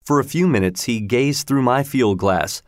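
A man narrating a storybook in a plain, steady reading voice. His voice sits at a middle pitch, and the recording is dry and close, with no room sound. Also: normal speed, no echo. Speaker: audiobook narrator.

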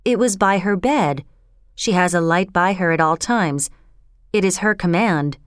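A dutiful lady's attendant whispers her fears to the doctor, voiced by a woman narrator. Her lowish voice stays hushed and timid in a dry, close recording. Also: unhurried, clean tone, no room sound, natural voice. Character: frightened waiting gentlewoman, quiet and dutiful.

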